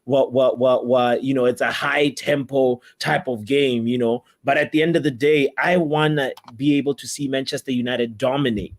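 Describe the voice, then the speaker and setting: A man on a fan forum panel, excitable and laughing often, with plenty of hesitant fillers. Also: medium pitch, normal speed, hardly any pauses. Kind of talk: casual football fan chat.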